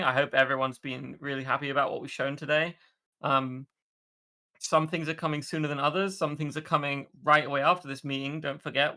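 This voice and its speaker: A man's voice: medium pitch, sharp tone. A man hosting an online community meeting, chatting casually and thanking viewers. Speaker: server staff host. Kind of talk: casual livestream announcement.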